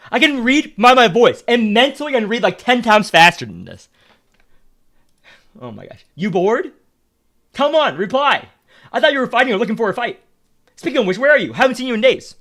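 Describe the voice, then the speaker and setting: A young man with a notably high voice streams a game and rants about it. He talks bluntly and swears a lot, and he repeats himself as he complains. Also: big pitch swings, normal speed, a bit bright. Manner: blunt, profane, repetitive ranting. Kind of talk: casual stream commentary.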